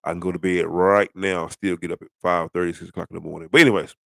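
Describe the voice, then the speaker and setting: A man's voice: sits low, flat delivery, quick pace, vocal fry, sharp tone, no room sound. A middle-aged man ranting bluntly about football in a rambling, casual way, full of rhetorical questions. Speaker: sports commentator. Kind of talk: casual sports rant.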